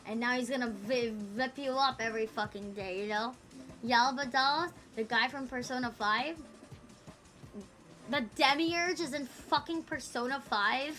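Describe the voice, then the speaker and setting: A woman livestreamer with a high voice chats casually with her viewers. Her tone is bright and edgy, and she rambles, swears and teases the chat. Faint music plays in the background. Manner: rambling, profane and playful, teasing the chat.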